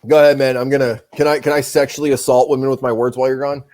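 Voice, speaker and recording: A man's voice: medium pitch, flat delivery, racing, darkish tone. A man from New Hampshire hosting a casual livestream, profane, joking and boastful. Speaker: livestream host.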